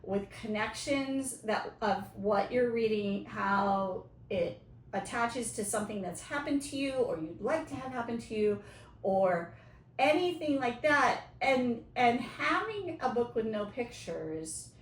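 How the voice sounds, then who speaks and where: A woman's voice: a little high, lively intonation, unhurried, distant mic. A woman co-hosting a casual podcast chat about reading, enthusiastic and reflective. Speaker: podcast co-host, educator. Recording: roomy, off-mic with faint noise.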